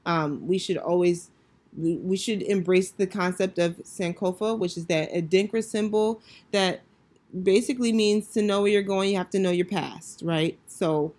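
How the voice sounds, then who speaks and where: A woman's voice: on the low side, normal speed, darkish tone. A woman hosting a podcast, talking in a reflective, conversational way, with frequent fillers and restarts. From United States. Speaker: podcast host. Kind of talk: solo podcast commentary.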